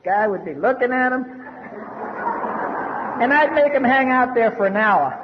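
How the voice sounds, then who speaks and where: A man's voice: very high-pitched, lively intonation, normal speed, heavy background noise. An older man from the US East Coast telling his recovery story at a meeting in a blunt, wry, salty way. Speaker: AA speaker. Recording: echoey hall, dull lo-fi.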